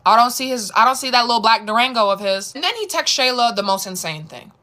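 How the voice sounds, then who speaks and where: A woman with a slightly high voice tells a casual storytime, animated and quick to repeat herself while retelling what people said.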